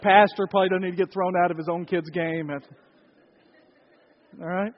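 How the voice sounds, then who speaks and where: A middle-aged male pastor with a Southern US accent preaching a sermon in a folksy way, moving between loud storytelling and quiet, solemn preaching. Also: high voice, flat delivery, normal speed. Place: church sanctuary. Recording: muffled, hall reverb from a church.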